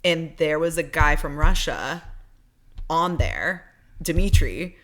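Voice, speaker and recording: A woman co-hosting a podcast in casual chat, chatty and animated, full of fillers and laughter. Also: sits low, slow pace. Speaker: podcast co-host.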